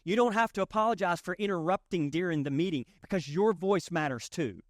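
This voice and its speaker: Preaching in a folksy, joking way, this Southern-accented man from the US South repeats lines for emphasis in a conversational sermon. His voice sits high and moves a little fast, recorded in clean studio sound with no room noise.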